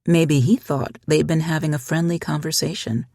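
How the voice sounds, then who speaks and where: An audiobook narrator reading a short story in an even, measured way. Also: mid-range voice, dry recording, clean studio sound. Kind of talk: scripted narration.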